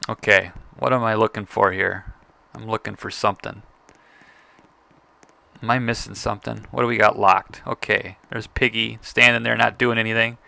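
A man giving casual gameplay commentary, playful and excitable, teasing other players and chatting to his viewers. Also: on the low side, normal speed, gravelly, no echo. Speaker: gaming video creator.

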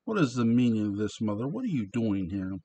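A man's voice: fairly low pitch, sing-song, fairly quick, mellow, a little hiss or hum. A man reading the lines of an alarmed grown son confronting his mother, stumbling over some words.

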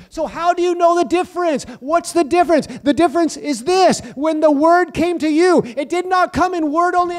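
A man preaching a sermon and praying fervently, with emphatic repetition of phrases. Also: extremely high pitch. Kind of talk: sermon with prayer.

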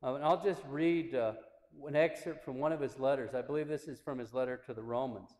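Priest preaching in an echoing church. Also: male voice, medium pitch, steady tone, a little mellow. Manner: measured, reverent delivery with small restarts. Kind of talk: sermon with read excerpts. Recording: roomy church with long reverb.

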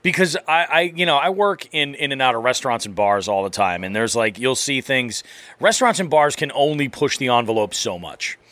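A man co-hosting a podcast, telling stories in an animated, amused way in casual chat. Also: medium pitch, a little fast, dry recording. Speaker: podcast co-host.

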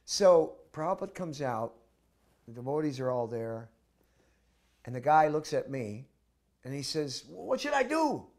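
A man's voice: medium pitch, a little slow, long pauses, a little mellow. A man recounting memories in an interview, telling his story vividly and acting out the voices of the people in it. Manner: acts out the voices in his stories; vivid, with restarts. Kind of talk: animated storytelling.

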